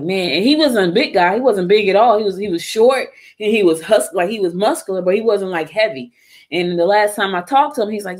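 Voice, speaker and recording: A woman's voice: fairly low pitch, a little mellow. A woman hosting a live show in casual chat, talking straight to her listeners and repeating her points. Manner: chatty, repeats phrases, addresses listeners as y'all. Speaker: host.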